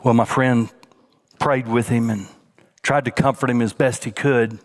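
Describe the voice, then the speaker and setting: Man, pastor preaching, medium pitch, hushed near-whispers, lifts his voice in storytelling. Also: fairly even intonation, unhurried. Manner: drops to a hushed near-whisper on tender points, rises pitch when telling a story. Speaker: senior pastor. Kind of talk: sermon.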